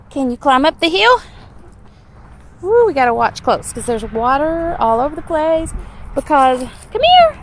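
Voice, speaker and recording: High, lively woman outdoors. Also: a little slow, pauses often, poor audio. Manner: chatty, laughs often, coos sing-song at a toddler. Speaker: parent or caregiver filming a walk. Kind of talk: handheld vlog narration. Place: outdoor garden on a windy day. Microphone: handheld camera mic. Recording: wind noise on an outdoor camera mic.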